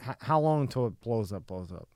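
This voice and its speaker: A man's voice: fairly low pitch, lively intonation, fairly quick, a little mellow, dry recording, studio quality. A man hosting a casual podcast chat, jokey, often stammering and restarting his sentences.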